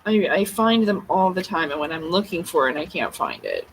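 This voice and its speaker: A woman's voice: fairly low pitch, big pitch swings, normal speed, a little hiss or hum, rough recording. A woman hosting a livestream, thinking aloud in a flustered, muttering way as she searches for something. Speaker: livestream host. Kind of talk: unscripted livestream talk to herself while searching a book.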